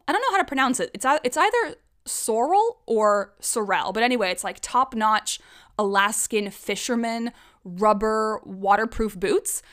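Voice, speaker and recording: Young woman, podcast host, chatty storyteller, clear smooth voice, fairly high. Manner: chatty, animated storytelling with occasional swearing. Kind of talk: casual chat.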